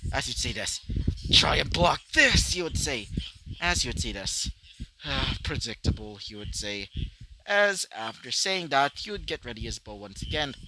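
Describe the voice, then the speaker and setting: A man improvising a story in a rambling way, full of fillers. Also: medium pitch. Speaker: fan fiction narrator. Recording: loud background noise.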